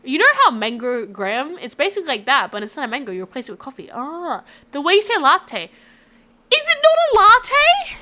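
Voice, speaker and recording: Australian woman streamer, high voice, chatty and rambling while reading chat. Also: sing-song, quick pace, hardly any pauses, pushed and bright. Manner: chatty, rambling, reacting to chat with frequent laughs. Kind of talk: casual live-stream chat with viewers.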